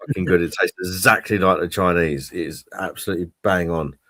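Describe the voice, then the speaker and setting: A man's voice: low-pitched, steady tone, brisk, sharp tone, no room sound. A man hosting a casual online pub chat, rambling and swearing cheerfully about food. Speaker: livestream pub chat host. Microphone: streaming call mic.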